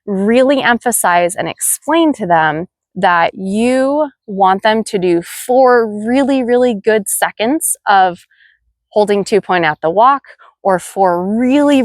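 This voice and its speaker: A woman at a middle pitch talks other riding instructors through her tips, steady and practical, counting cues out loud. The sound is dry, with almost no room around her. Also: takes it slowly, dry recording. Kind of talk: instructional video talk.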